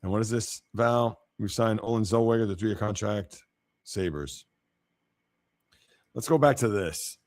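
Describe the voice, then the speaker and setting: A man's voice: lowish voice, a little slow, pauses often, a little mellow. A male sports show host giving casual livestream commentary, reacting to viewer comments and getting blunt and emphatic when he criticizes.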